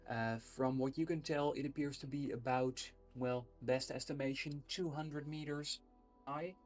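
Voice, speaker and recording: Slow, hesitant game master; mid-pitch voice; faint music bed behind. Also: fairly even intonation. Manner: slow and halting, with many "uh" pauses. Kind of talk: narrating a tabletop game on a livestream.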